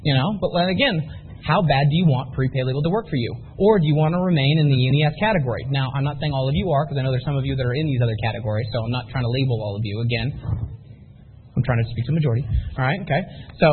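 Male seminar speaker, fast and pushy, quizzing the crowd; tinny lo-fi capture. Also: fairly high pitch, a little hiss or hum. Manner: energetic, rhetorical, quizzes the audience. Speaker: motivational business speaker. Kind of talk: live sales seminar pep talk.

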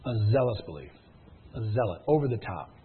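A man with a low-leaning voice and big pitch swings speaks briskly in a motivational speech to a live sales meeting, recorded on tinny, phone-like audio with a little hiss or hum. Emphatic and repetitive, he drives his audience with stories, his intensity climbing and falling.

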